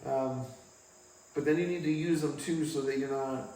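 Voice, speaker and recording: A man from England, telling a candid personal story to the camera in a casual, halting way, recorded in his home garage. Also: medium pitch, steady tone, mellow, a little hiss or hum. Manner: halting, casual, with pauses and restarts. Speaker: vlogger. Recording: very echoey garage, mic far off.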